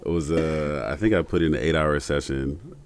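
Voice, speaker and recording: A man's voice: very deep voice, steady tone, moderate pace. A man co-hosting a podcast in casual chat, rambling and laughing often as he tells stories. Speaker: podcast co-host.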